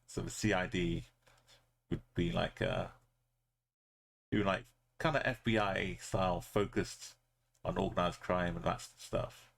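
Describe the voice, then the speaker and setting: Speak as a low, gravelly-voiced male streamer thinking aloud. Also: slight background noise. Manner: thinking aloud, musing with trailing fillers. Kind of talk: live gameplay commentary.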